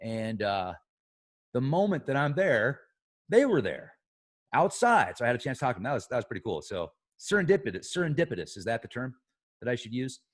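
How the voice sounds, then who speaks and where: Rambling excitable man monologuing. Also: mid-range voice, a little fast. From United States. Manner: excitable, swings loud and soft, trails off. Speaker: conspiracy show host.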